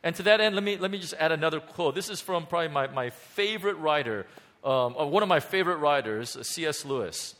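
Pastor guy giving a sermon, kinda high voice, keeps restarting his sentences, lots of uhs. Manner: animated, halting, with many restarts and fillers.

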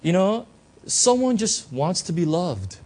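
Husky lively-voiced male pastor preaching. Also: sits high, measured pace. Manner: conversational, many fillers, rhetorical questions. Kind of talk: sermon. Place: church.

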